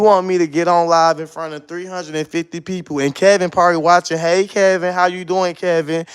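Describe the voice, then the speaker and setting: High-voiced man, defensive. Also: little pitch movement, brisk, few pauses, smooth. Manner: defensive, repeats himself. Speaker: livestreamer. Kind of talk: reacting on a live stream.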